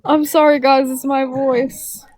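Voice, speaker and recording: A woman's voice: high voice, level tone, a little slow, a little mellow, low-quality recording. A woman in her late teens calling in to chat, rambling and slangy and swearing freely. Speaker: caller. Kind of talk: casual chat.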